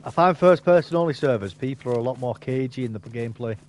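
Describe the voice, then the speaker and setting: Fast-talking gamer man. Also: mid-range voice, darkish tone. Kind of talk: casual gaming chat.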